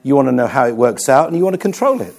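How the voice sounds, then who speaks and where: Guy doing a gentle calm god voice, low and quiet, patient. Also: very fast, creaky, a crowd in the background.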